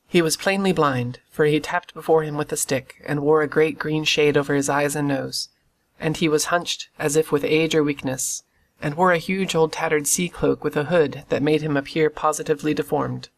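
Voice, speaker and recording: An audiobook reader narrating a classic adventure novel in a steady, measured storytelling voice. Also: medium pitch, gravelly.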